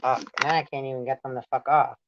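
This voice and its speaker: This woman hosting a spiritual channel has a bass voice, a steady tone, and a quick pace, recorded on dull audio against a noisy background. She reads aloud and comments casually, stumbling on tough words, laughing, and digressing.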